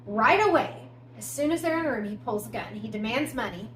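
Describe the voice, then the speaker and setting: Woman on a podcast going through a crime case, chatty with punchy asides, kinda high voice. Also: animated, brisk. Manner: conversational, recounting events with emphatic asides and fillers. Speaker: podcast co-host. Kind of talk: casual true-crime storytelling. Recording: echoey room with faint background noise.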